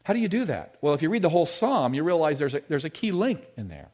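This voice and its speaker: Expressive male pastor preaching a sermon. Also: a little high, quick pace. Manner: expressive preaching, swinging between loud emphasis and hushed, intimate tones; storytelling with personal anecdotes.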